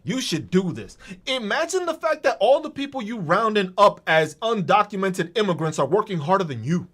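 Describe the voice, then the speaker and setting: A man rants on his podcast with a high, lively voice that leaps all over its range. He talks in a heated, profane, mocking way. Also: a little fast. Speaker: podcast host. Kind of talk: ranting political monologue.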